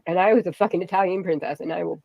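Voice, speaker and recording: A woman's voice: fairly low pitch, racing, vocal fry, a little mellow, slight background noise, poor audio. A woman YouTuber on a livestream, rambling bluntly and swearing a lot. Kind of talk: casual livestream rant.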